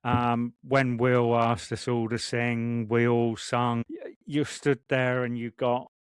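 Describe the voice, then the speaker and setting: A man co-hosting a podcast, telling rambling, excited stories in casual chat. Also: medium pitch, slow, clear, resonant tone, no room sound, clean studio sound. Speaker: podcast co-host.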